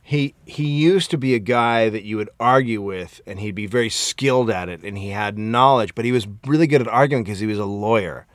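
A man co-hosting a podcast, telling stories in profane, animated casual chat. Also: fairly low pitch, brisk, few pauses, no echo. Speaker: podcast co-host.

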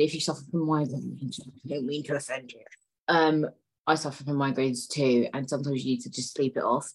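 A woman's voice: low-pitched, breathy edge, low-quality recording. A woman hosting a casual solo podcast, digressing, swearing freely and laughing as she talks. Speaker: podcast host.

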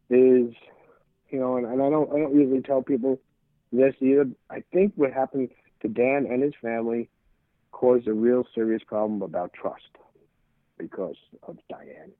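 Here a middle-aged interview guest spins casual stories, wandering off track, stumbling on repeated words and performing bits of past dialogue. His pitch is medium and his pace moderate, broken by long pauses. The recording is dry and tinny, as if over a phone.

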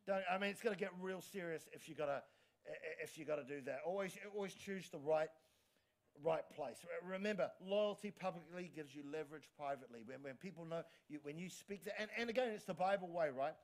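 A pastor preaching a sermon energetically, often restarting words and calling for amens. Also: male voice, fairly high pitch, brisk. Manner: energetic, frequent restarts and stammers, calls for amens.

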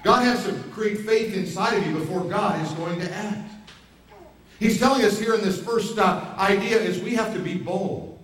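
A man's voice: high voice, moderate pace, fairly bright tone. A male pastor preaching a sermon, pressing his points with rhetorical questions. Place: church hall. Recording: very echoey hall, mic far off.

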